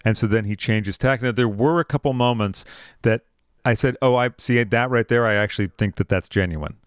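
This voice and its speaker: A man hosting a podcast in casual chat, talking quickly and acting out his own remarks in little quoted asides. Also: mid-range voice, clean tone, dry recording, clean studio sound. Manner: chatty, quotes himself in animated asides. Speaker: podcast host.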